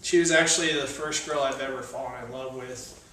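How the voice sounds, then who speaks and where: With a brisk, bright, forceful delivery at medium pitch and fairly even intonation, a young man performs spoken word poetry at a cafe open mic. His readings build in intensity, while his casual asides between poems are loose and hesitant. The recording, made from a distant mic in a very echoey room, carries faint noise.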